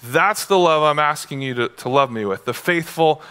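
A man preaching a sermon with a bright, forceful edge to his voice, sitting a little higher than most men. He keeps it loose and conversational, slipping into playful asides between scripture readings. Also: normal speed, clear, resonant tone. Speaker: pastor. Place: church.

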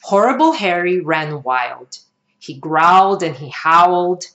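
Woman reading a storybook, slow and sing-song. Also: on the low side, expressive, a bit bright, muffled recording. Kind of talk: reading a children's picture book aloud.

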